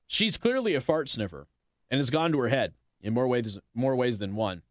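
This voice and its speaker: A man's voice: medium pitch, animated, normal speed, dry recording, studio quality. A male talk radio host, possibly from Indiana, delivering an indignant, sarcastic monologue.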